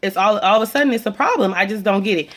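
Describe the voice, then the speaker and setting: A woman's voice: mid-range voice, racing, a little hiss or hum. A woman giving a casual opinion recap to camera, blunt, sassy and full of swearing. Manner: blunt, profane, sassy, chatty. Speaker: reality TV recap vlogger. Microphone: camera mic.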